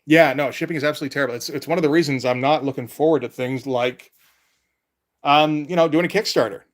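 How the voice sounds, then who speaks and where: A man's voice: a little high, fast. A man chatting casually on a live stream as a comic artist, rambling and laid-back, with casual swearing.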